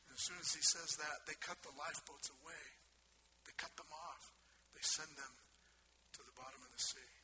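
A man preaching a sermon, retelling a story with dramatic shifts between hushed whispers and loud emphasis. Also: a little high, steady tone, normal speed, slight background noise, poor audio.

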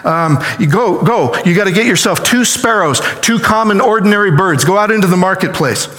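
A man preaching a sermon as a story, acting out the quoted lines with lively energy. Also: sits high, brisk, in a large hall. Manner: animated retelling with acted-out quotes. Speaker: pastor.

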